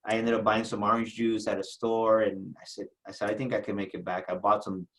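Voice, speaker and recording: His voice is fairly low and his delivery flat, and the audio is poor. A middle-aged entrepreneur from South Texas, he relates a personal story in an interview, faltering and repeating words as his emotions climb.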